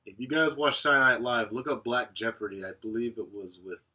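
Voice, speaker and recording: A man co-hosting a podcast in casual chat, profane and animated, laughing often. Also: mid-range voice, fairly quick, slight background noise. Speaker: podcast co-host.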